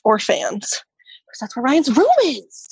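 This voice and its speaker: A woman's voice: on the high side, expressive, a little slow, breathy edge, no room sound, rough recording. A woman co-hosting a podcast, teasing and joking in casual chat. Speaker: podcast co-host.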